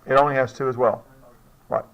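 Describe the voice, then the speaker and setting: A man's voice: medium pitch, steady tone, fairly quick, vocal fry, lo-fi sound. A man teaching a chemistry class, talking casually, joking and often checking in with his students. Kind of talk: classroom lecture.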